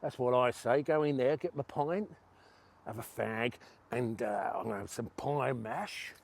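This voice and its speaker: A man's voice: mid-range voice, a little slow, creaky. A man putting on an exaggerated stage Cockney accent, playing a brash pub-loving Cockney for fun, outdoors on a street. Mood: cheeky. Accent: Cockney, put on.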